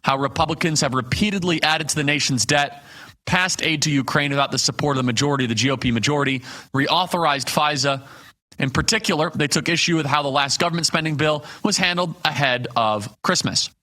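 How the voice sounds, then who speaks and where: A man's voice: a little high, fairly quick, bright, forceful tone. A man hosting a live political talk show, delivering emphatic commentary built on rhetorical questions and punchy lists.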